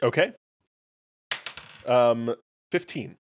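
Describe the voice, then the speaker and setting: A man narrating a tabletop game as game master, casual and often stumbling over his words. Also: mid-range voice. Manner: halting, casual, self-correcting.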